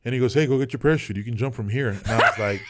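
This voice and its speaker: A man's voice: mid-range voice, racing, very noisy. Profane, storytelling Texan veteran man. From South Texas, Rio Grande Valley. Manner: animated, profane, laughs through his stories. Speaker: guest, veteran. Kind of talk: casual storytelling.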